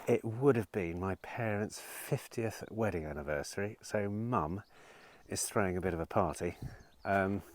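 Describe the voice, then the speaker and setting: A deep-voiced man talking to camera about his day as a car dealer. He rambles casually, swears freely and tells stories with a dry, sarcastic edge. A faint hiss of noise sits under the recording. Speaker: used car dealer vlogger. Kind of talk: casual vlog monologue.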